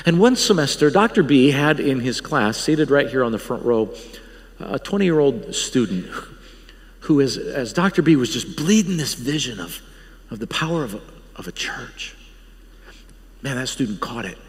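A man's voice: mid-range voice, big pitch swings, moderate pace. A man who leads a Bible college, preaching a guest sermon with earnest, emphatic appeals and frequent restarts. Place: church sanctuary. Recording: long church hall reverb.

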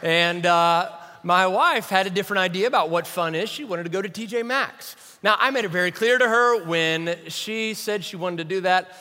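A man's voice: high-pitched, moderate pace, bright, forceful tone, in a large hall. A man preaching a sermon as a pastor, conversational and self-deprecating, often asking the audience questions. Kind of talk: sermon with humor.

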